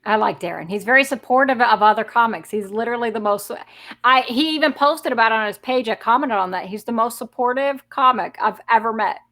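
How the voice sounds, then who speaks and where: A woman's voice: on the high side, fairly quick, pushed and bright. A woman comedian chatting on a video call, blunt and profane. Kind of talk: casual comedic chat.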